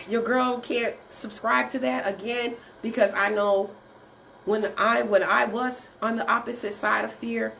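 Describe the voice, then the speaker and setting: Lively, high-pitched woman preaching encouragement. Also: slight background noise. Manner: preachy and encouraging, with rhetorical questions. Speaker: writing coach. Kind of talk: faith-based motivational talk.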